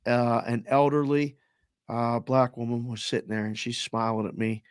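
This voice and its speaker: A man co-hosting a sports talk show, telling an anecdote in a lively way and acting out the voices in it. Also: medium pitch, moderate pace, smooth, no echo, studio quality. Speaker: co-host. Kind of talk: animated storytelling.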